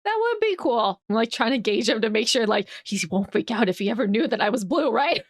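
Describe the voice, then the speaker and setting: A woman's voice: a little high, animated, fairly quick, dry recording, studio quality. A woman playing a tabletop game who teases and giggles as she talks. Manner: teasing, giggly. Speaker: player. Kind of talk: casual tabletop game chat.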